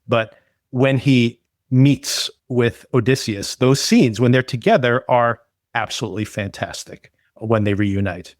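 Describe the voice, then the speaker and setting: A man's voice: medium pitch, dry recording, studio quality. A man co-hosting a podcast, enthusiastically reviewing a film in casual chat, rambling with lots of fillers. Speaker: podcast co-host.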